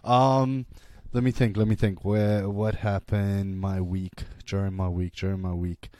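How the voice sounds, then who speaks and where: A man's voice: low-pitched, flat delivery, measured pace, mellow, no echo, studio quality. A young man co-hosting a casual podcast, joking, boastful and crude, often laughing. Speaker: podcast co-host.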